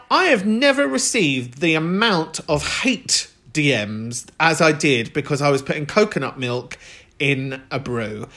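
A man's voice: fairly high pitch, bright, forceful tone. Chatty man hosting a podcast. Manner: chatty, swearing, laughs often. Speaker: podcast host. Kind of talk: casual monologue.

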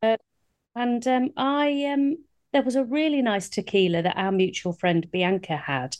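A woman and comedian co-hosting a podcast, chatting in a jokey, lively way. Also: fairly high pitch, measured pace, no room sound. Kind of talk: casual podcast chat.

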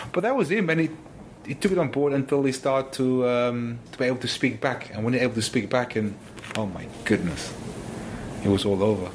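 A man, a former footballer, telling stories in an interview, animated and full of exclamations. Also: medium pitch, fairly quick, a little hiss or hum. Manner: animated, exclaims often, restarts sentences. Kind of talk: casual interview storytelling.

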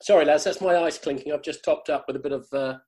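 A man's voice: fairly high pitch, fast, a little mellow. A man making wry, joking remarks in casual podcast chat.

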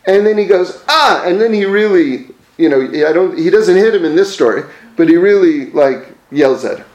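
A man's voice: high-pitched, lively intonation, moderate pace, warm tone, reverberant. A man telling religious teaching stories in a conversational way, with frequent fillers and self-corrections. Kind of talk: storytelling religious lesson.

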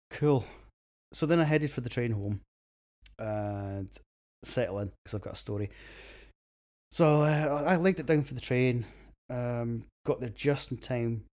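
Gravelly Scottish man, crude beer chat. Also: on the low side, darkish tone. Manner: crude, self-mocking, laughs at his own jokes. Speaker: beer podcast host. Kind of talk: scripted casual monologue.

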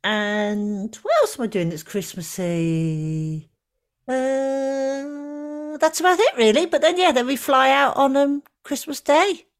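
A middle-aged woman co-hosting a podcast in casual chat, talking easily with fillers and gentle teasing. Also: high-pitched, lively intonation, slow. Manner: chatty, warm teasing, trailing fillers. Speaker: podcast co-host.

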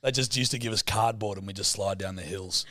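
An Australian man co-hosting a podcast, telling animated stories full of swearing and voice impressions in casual chat. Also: fairly low pitch, brisk. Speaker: podcast co-host.

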